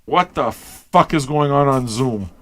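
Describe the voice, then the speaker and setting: A man's voice: mid-range voice, expressive, unhurried, fairly bright tone, dry recording. Rambling, profane male radio host. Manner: rambling, profane, questions everything aloud. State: tired and high. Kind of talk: casual rambling talk to listeners.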